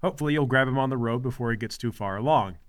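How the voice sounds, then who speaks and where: A man acting as game master, narrating a tabletop game in a quiet, matter-of-fact way. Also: mid-range voice, rapid-fire.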